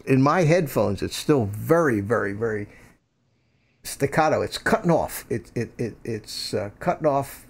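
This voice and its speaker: Older male streamer, gravelly, stammering, chatty desk-mic host. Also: medium pitch, expressive, measured pace. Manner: rambling, stammers and repeats words. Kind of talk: casual live-stream chat. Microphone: desk microphone through a USB mixer.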